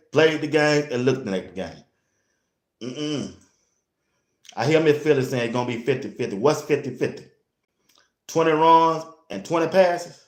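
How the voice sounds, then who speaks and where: A man hosting a casual sports talk show, blunt and animated, speaking straight to his listeners. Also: mid-range voice. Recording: roomy echo.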